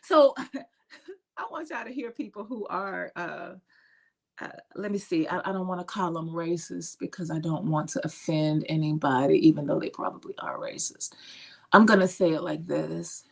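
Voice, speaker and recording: A reverend from the United States hosting a spiritual talk show, speaking emphatically in repeated lists and laughing often. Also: female voice, lowish voice, moderate pace, gravelly, husky. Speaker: reverend and podcast host.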